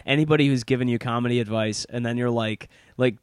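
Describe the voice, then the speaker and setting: Chatty, animated podcast host man. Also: medium pitch, smooth, dry recording, clean studio sound. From Detroit area. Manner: chatty and animated, laughs often, talks in quick bursts. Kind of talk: casual interview chat.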